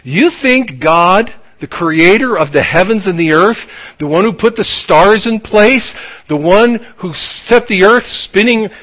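Animated preaching man, high lively voice. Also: a little slow, low-quality recording. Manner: animated preaching with acted-out dialogue. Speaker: pastor. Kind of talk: sermon.

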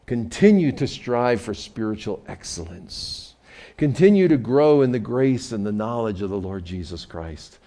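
A man's voice: medium pitch, lively intonation, unhurried, warm tone. A man preaching a sermon as pastor in a conversational way, often repeating words as he restarts.

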